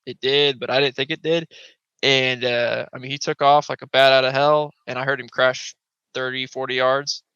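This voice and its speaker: A man's voice: medium pitch, moderate pace, smooth, dry recording. A man, a guest on a podcast, telling a hunting story casually and acting out voices and sounds. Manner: animated, acts out voices and sounds. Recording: dull lo-fi podcast audio.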